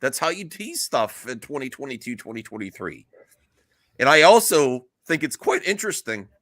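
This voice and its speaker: A man hosting a casual livestream chat, animated and joking, swearing now and then. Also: mid-range voice, normal speed, no room sound. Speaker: livestream host. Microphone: webcam mic.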